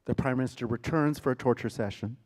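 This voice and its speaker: A man, a theater director, giving a lecture and retelling a story with dramatic emphasis and sudden loud bursts. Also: mid-range voice, quick pace. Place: lecture hall.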